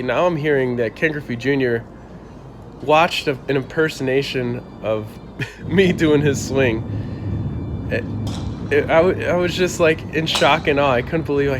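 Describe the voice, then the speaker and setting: A young man from the Buffalo area telling a story to camera in a casual, animated way. He laughs often and acts out the lines of others. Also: medium pitch, moderate pace, noisy background. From Buffalo, New York area. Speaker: channel host telling a story.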